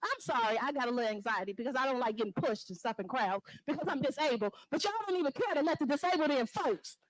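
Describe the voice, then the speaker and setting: A woman stands at a podium microphone in a village board meeting, her high voice carrying accusation and pleading. The sound is close and dry. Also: expressive, fast talker, dry recording, rough recording. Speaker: resident speaking at public comment. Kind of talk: impassioned public comment.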